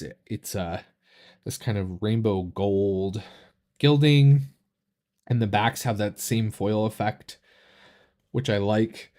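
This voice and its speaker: A man hosting a casual live stream, chatting in a relaxed, rambling way with many fillers and restarts, enthusiastic about what he shows. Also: lowish voice. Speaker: tarot reader and channel host.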